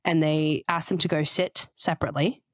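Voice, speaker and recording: On a relationship podcast, a woman co-host explains ideas chattily and reads out short quotes during casual talk. Her low voice is fairly even in intonation and brisk, captured in a dry recording.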